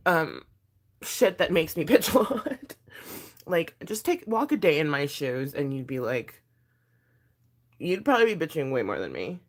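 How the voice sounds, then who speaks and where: A woman's voice: lowish voice, fairly bright tone. A pregnant woman vlogging in casual chat, blunt and chatty, swearing freely and laughing between thoughts.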